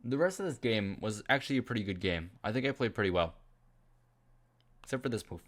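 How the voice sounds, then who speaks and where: A man casually commentating his own chess games as a voice-over, rambling with fillers, laughing at himself and jumping high in pitch when incredulous. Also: lively intonation, fairly quick, fairly bright tone.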